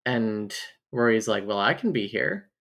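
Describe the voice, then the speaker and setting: A woman's voice: a bass voice, animated, a little slow. Wry, candid woman podcast co-host. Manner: wry, candid, laughs often. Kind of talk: casual book discussion chat.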